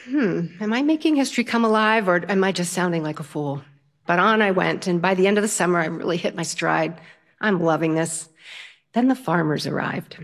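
An older woman tells a personal story in a lively, playful way, laughing as she goes. Her voice sits at a middling pitch. She swings between wry asides and bright, rising emphasis. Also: gravelly. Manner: animated, playful, laughing through the telling. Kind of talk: personal story told to an audience.

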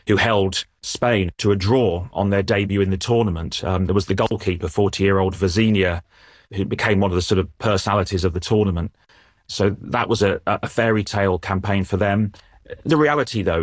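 Low-voiced sports editor. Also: male voice, no room sound, studio quality. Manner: measured, thoughtful, with frequent restarts. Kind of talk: reflective news interview answers.

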